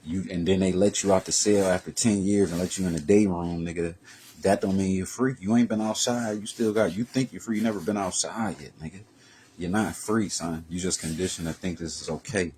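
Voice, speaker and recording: A man vlogging a profane, heated street-talk rant that swings from low muttering to loud raised bursts. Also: steady tone, fairly quick, slight background noise.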